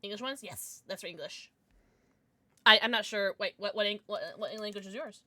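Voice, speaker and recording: A woman's voice: mid-range voice, moderate pace, sharp tone, no room sound. A young adult woman streaming from home, chatting casually and gushing at her chat with sudden squeals.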